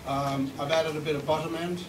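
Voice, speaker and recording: A fairly high-pitched British man talks fairly quickly in a steady tone, presenting a live seminar and demonstrating for an audience. As the presenter, a recording engineer, he's chatty and joking with light swearing. Captured from far away in an echoey room with background noise.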